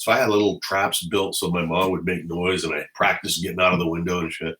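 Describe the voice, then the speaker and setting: Low-voiced, blunt, profane middle-aged man. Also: steady tone, fast talker, few pauses, fairly bright tone, rough recording. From Los Angeles area. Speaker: former police officer. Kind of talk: casual storytelling to camera. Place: at home indoors.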